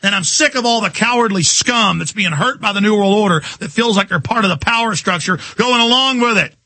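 A male talk radio host in an angry political rant, furious and ranting, at times breaking into shouts. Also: high-pitched, a little fast, no echo.

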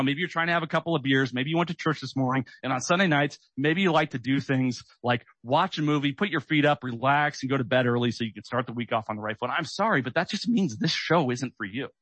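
Forceful, higher-voiced male talk radio host on a sarcastic rant, dry studio sound. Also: no room sound. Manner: agitated, sarcastic, keyed up.

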